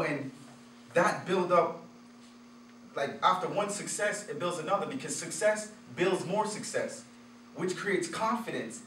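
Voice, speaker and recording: A man's voice: on the high side, fairly bright tone. Man telling stories in an echoey room. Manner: candid storytelling, chuckles at his own stories. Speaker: motivational speaker. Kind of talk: motivational talk with personal stories. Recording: roomy echo, distant from the mic, faint noise.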